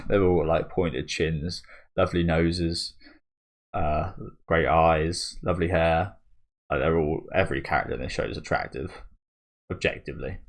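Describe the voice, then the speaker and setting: A young man hosting a manga reaction video, chatting casually and musing aloud with fillers and small chuckles. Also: extremely low pitch. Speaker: manga reaction channel host.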